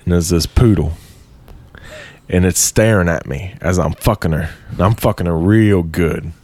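A man imitating a crude redneck storyteller who brags in a drawn-out way. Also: deep voice, darkish tone, no echo. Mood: bragging. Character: crude, bragging redneck man telling a tale.

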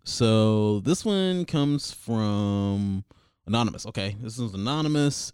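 A man's voice: on the low side, lively intonation, unhurried, darkish tone, clean tone, no room sound. A young man hosting a comedic advice show, rambling crude and over-the-top.

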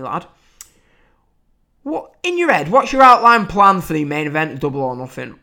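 A man, hosting a wrestling podcast in an exasperated, sweary ranting style. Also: fairly high pitch. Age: 20s. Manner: exasperated, sweary, swings from loud outbursts to mutters. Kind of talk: casual ranting commentary.

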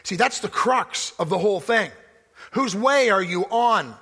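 A pastor preaching a sermon, with emphatic delivery that swings from loud declarations to hushed asides. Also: male voice, high voice, expressive, unhurried, husky. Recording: long hall reverb.

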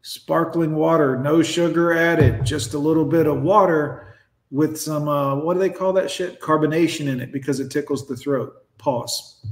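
A man's voice: a little high, steady tone, moderate pace. Man ranting in a roomy echo. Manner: blunt, profane and ranting. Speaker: reaction video host. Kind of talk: mocking reaction commentary.

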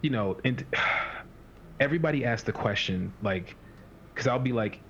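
A man's voice: mid-range voice, animated, unhurried, creaky, fairly bright tone. A man talking as a fitness coach in a casual podcast chat, rambling and acting out the inner voices of his clients. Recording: dull lo-fi sound with faint hiss.

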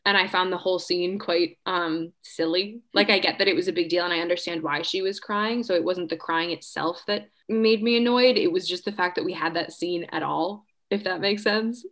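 Wry low-voiced woman co-host. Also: normal speed, hardly any pauses, fairly bright tone. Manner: wry, opinionated, rambling. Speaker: podcast co-host. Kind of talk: casual podcast chat.

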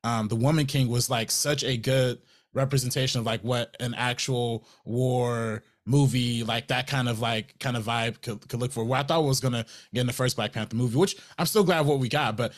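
A young man co-hosts a movie podcast in casual chat, his mid-range voice steady and at a normal speed. His speech is loose, full of restarts and fillers like "like" and "um."

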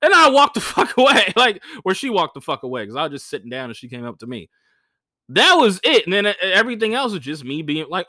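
Animated, bright-voiced male comedian storyteller. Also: fairly quick, no room sound, clean studio sound. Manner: animated, swears freely, acts out quoted voices with big pitch jumps. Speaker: stand-up comedian telling gig stories. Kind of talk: casual podcast storytelling.

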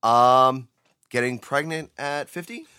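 A man's voice: mid-range voice, slow, bright, forceful tone, clean tone, no echo, studio quality. A young man co-hosting a casual podcast chat, joking and slipping into mock voices. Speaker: podcast co-host.

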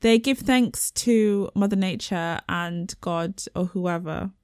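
A woman co-hosts a casual chat podcast in a mid-pitched voice, recorded dry and close. Her talk is jokey and animated, full of teasing asides and playful exaggeration. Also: slow pace, smooth, no room sound. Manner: joking, animated banter. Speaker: podcast co-host.

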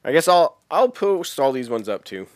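A man's voice: fairly high pitch, sing-song, normal speed, no echo, clean studio sound. A man co-hosting a podcast in casual chat, laid-back and teasing, laughing easily. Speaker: podcast co-host.

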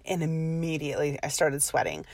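A woman's voice: low voice, normal speed, vocal fry, darkish tone, a little hiss or hum. A woman in her thirties telling a personal story in a chatty, self-deprecating way, laughing often and rambling through asides. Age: 30s.

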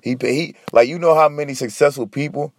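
A man's voice: on the high side, fairly quick, dry recording, studio quality. A man hosting a podcast alone, talking casually and ranting with lots of profanity. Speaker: podcast host. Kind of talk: casual solo podcast monologue.

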